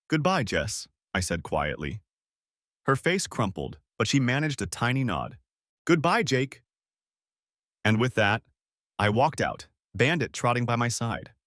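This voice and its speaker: A man reading a scripted first-person story, measured and cold in tone. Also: mid-range voice, fairly bright tone, no echo, studio quality. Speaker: story narrator.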